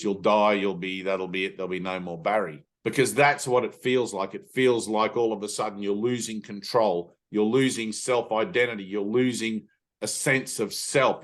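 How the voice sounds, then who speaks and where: A man's voice: fairly low pitch, fairly bright tone. A middle-aged man leading an informal spiritual talk with his students, speaking emphatically and bluntly, with the odd swear word. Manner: emphatic and blunt, swears, acts out inner voices. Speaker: spiritual teacher.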